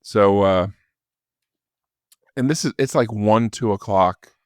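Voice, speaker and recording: An older man tells a story in a relaxed, casual way and slips into other people's voices as he quotes them. His voice sits low, and it is recorded close and dry with no room sound. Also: takes it slowly, no room sound. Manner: lively storyteller who acts out quoted voices. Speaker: podcast guest, former record store manager. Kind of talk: casual anecdote telling.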